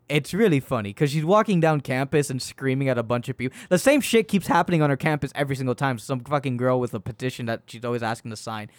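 A man's voice: mid-range voice, dry recording. A young man in casual chat, rambling and swearing as he retells a movie, often laughing mid-sentence. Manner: rambling, profane, laughs while telling. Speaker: podcast co-host reviewing a movie.

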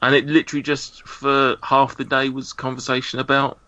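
A man's voice: mid-range voice, monotone, fairly quick, sharp tone, no echo, muffled recording. A man hosting a podcast, introducing his guests with playful jokes in casual chat. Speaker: podcast host.

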